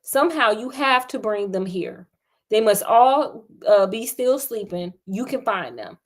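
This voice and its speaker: A woman's voice: medium pitch, expressive, unhurried. A woman voicing a grieving teenage boy who pleads earnestly with his girlfriend, in a storytelling reading. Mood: pleading.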